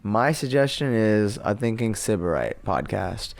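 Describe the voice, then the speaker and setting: Laid-back man, low voice, dry sound. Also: big pitch swings, a little slow, creaky, no echo. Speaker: podcast guest. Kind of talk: casual chat.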